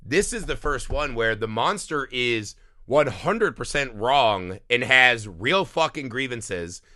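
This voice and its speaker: A man co-hosting a movie podcast, chatting casually and swearing a lot, slipping into quick character impressions. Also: mid-range voice, no room sound, clean studio sound. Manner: animated, profane, acts out characters in quick impressions. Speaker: podcast co-host. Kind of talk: casual movie-review chat.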